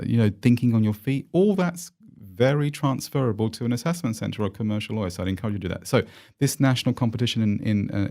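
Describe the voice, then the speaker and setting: Low-voiced Australian man telling stories. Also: gravelly. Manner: animated, encouraging, with many fillers and restarts. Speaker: guest. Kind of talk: casual storytelling interview.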